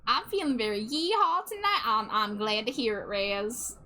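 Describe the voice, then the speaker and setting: A woman's voice: on the high side, moderate pace, fairly bright tone, lightly acted. A woman putting on a folksy Southern cowboy voice with a drawling twang, whooping during a playful livestream. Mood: rowdy.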